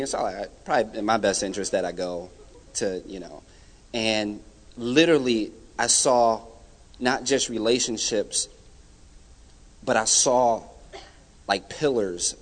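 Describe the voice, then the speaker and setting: A young man giving a personal testimony at church, telling his story with lively, animated delivery and acting out the people he quotes. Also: fairly low pitch. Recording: hall reverb.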